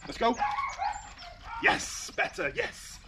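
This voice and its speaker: A British man working as a dog trainer, explaining his methods while giving firm short commands and high praise to a dog outdoors. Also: slow. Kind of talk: outdoor training demonstration with commentary. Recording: distant outdoor mic with heavy noise.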